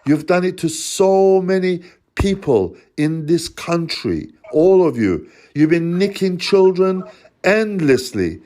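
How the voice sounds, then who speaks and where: A man's voice: high-pitched, big pitch swings, takes it slowly, mellow. A father on a phone call, accusing and confronting the person on the line in a heated rant. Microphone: phone call recording.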